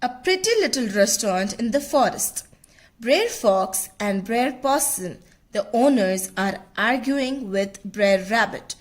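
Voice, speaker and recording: Slow-speaking female teacher with an Indian English accent. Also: a little high, lively intonation. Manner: slow, explanatory, asks and answers questions. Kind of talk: classroom lesson, reading and explaining.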